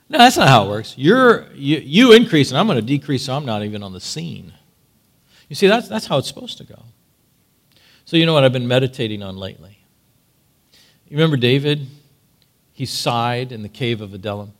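Animated preacher with a lively voice. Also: male voice, medium pitch, fairly quick, pauses often. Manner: animated storytelling, dramatic swings. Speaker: pastor. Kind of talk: sermon.

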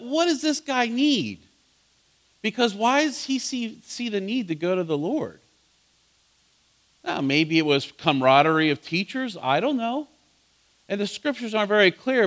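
A man teaching a Bible study as pastor, asking his listeners questions and swinging between loud emphasis and soft asides. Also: high voice, animated, moderate pace.

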